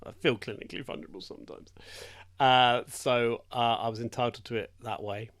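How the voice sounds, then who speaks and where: A man's voice: mid-range voice, steady tone, brisk, fairly bright tone. An older man, a hospital radio presenter telling a story in casual chat and laughing often. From England. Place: radio studio.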